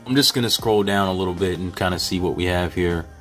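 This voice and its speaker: A man's voice: low voice, quick pace, a bit bright, soft background music. A man vlogging in a casual, earnest way, thinking aloud with many fillers and restarts. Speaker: vlogger, beat maker.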